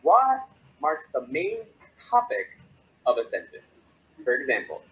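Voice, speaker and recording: A male teacher walks through grammar in a video lesson, his pitch leaping high and dropping low as he performs each example. He stays upbeat and talks straight to the viewer. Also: measured pace, rough recording. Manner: animated, acts out example sentences. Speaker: online Japanese teacher.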